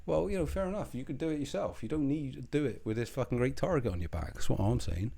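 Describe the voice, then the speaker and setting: A man's voice: mid-range voice, animated, quick pace, gravelly, dark tone. A man giving a profane, rambling video commentary, with a sardonic edge and a mock accent put on. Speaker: online commentator.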